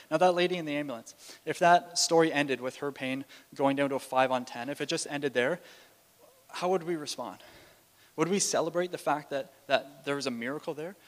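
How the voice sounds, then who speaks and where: A man's voice: a little high, a bit bright. A man giving a sermon, telling stories in a casual way with fillers and restarts. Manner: storytelling with frequent restarts and fillers. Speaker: preacher. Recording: long hall reverb.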